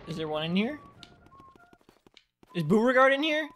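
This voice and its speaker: A man hosting a let's play, commenting on the gameplay, yelling and cursing at the game, then muttering quietly. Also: high-pitched, very animated, moderate pace, a little hiss or hum.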